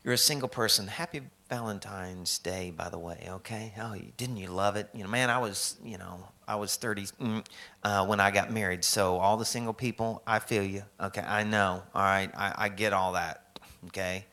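A man's voice: fairly low pitch, fairly even intonation, moderate pace, sharp tone. A middle-aged man from the American South preaching a sermon in a conversational, joking way, acting out the people in his stories. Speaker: pastor.

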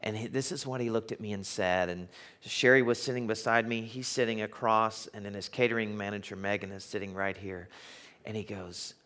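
Chatty pastor telling a story. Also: male voice, lowish voice, a little fast. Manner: chatty, animated storytelling with many fillers. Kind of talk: sermon with storytelling. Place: theater.

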